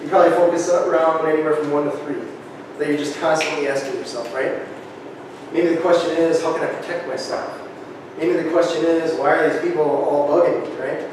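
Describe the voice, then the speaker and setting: A man giving a lively workshop talk to a live group, often checking in with "right?", recorded on a distant camera. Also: a little high, background noise. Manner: energetic, keeps asking "right?". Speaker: presenter. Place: large echoey room. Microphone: camera far from speaker. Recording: echoey hall, distant camera.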